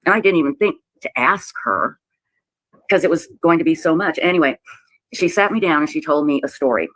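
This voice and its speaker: A woman telling a personal story in a halting, emotional way, often repeating herself and close to tears. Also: low-pitched, animated, no room sound, rough recording. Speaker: website owner telling her story. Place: played clip of a livestream.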